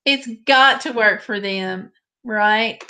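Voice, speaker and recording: A woman's voice: medium pitch, slow, bright, forceful tone, slight background noise. A woman hosting a live stream, chatting casually and directly with her viewers.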